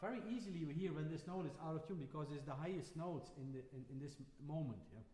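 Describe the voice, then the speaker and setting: Male masterclass teacher with a slightly high voice; patient, encouraging, recorded with long hall reverb. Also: fast, mellow, soft background music. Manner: patient, frequently checks in with "yeah?". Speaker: trumpet teacher. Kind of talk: masterclass coaching.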